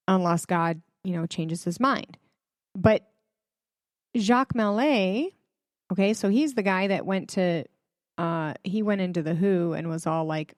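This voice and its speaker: A woman's voice: lowish voice, no echo, clean studio sound. A woman hosting a casual religious commentary, chatty and emphatic, with many fillers, speaking straight to her viewers. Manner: addresses viewers directly. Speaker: host.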